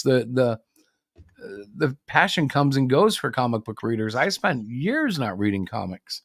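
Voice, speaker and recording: A man's voice: medium pitch, very animated, normal speed, fairly bright tone, no echo, studio quality. A man co-hosting a livestream about comics, talking in a casual, rambling and opinionated way. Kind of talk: casual chat.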